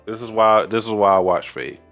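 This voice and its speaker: A man with a fairly low voice talks through an anime recap in loose podcast chat. He rambles, drops crude jokes and fills gaps with "uh" and "um", with faint music under him. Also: brisk, a bit bright. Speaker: podcast co-host.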